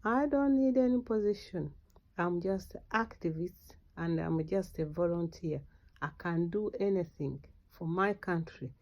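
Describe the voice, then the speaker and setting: A middle-aged woman from Uganda speaks as an activist in a fervent political address. She exhorts her listeners, her voice jumping up into sudden loud, insistent outbursts. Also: mid-range voice. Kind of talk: impassioned political speech.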